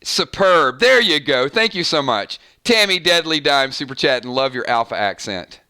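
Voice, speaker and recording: Man, live-stream host, casual chat, bright tone, slightly high pitch, frequent restarts. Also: lively intonation, moderate pace, clean tone. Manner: chatty, self-interrupting, stumbles and restarts often.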